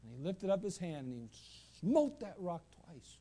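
A male pastor preaching a sermon in a church, animated, with asides and repeated phrases. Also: high-pitched, moderate pace. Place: church sanctuary.

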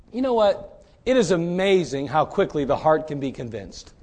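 Male preacher, high voice, animated delivery with rhetorical questions, sermon style. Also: moderate pace. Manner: animated, swings from quiet to shouting.

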